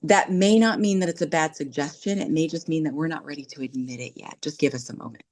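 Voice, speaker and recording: A middle-aged woman speaks in a slightly low voice as a podcast guest. She tells her stories with animation and keeps checking in with her listener in a casual chat. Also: quick pace. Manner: animated storytelling, checks in with "right?".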